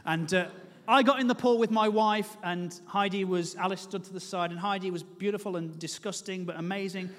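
Brief: male preacher, very high voice, echoing in a large hall. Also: brisk, hardly any pauses. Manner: lively and humorous, then earnest and pleading. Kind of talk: sermon with storytelling.

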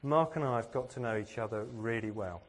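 A man's voice: medium pitch, fairly quick. A man from England giving a sermon, earnest and self-deprecating, with plenty of rhetorical questions. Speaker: preacher.

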